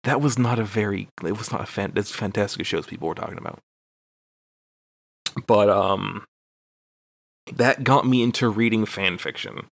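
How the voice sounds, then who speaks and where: A man's voice: lowish voice, normal speed, vocal fry, long pauses, slight background noise. A young man from Texas, a podcast co-host, telling a rambling, profane, self-deprecating story in casual chat.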